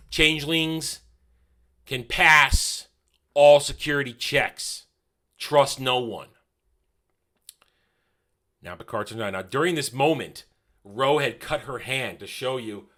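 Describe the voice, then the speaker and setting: Bright-voiced man reviewing an episode. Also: mid-range voice, lively intonation, measured pace. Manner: rambling, self-correcting, quotes scenes in paraphrase. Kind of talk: casual spoken review.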